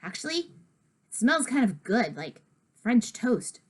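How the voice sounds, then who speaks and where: A woman's voice: fairly high pitch, sing-song, a little slow, slightly rough. A woman reading a children's book aloud in a playful first-person child's voice.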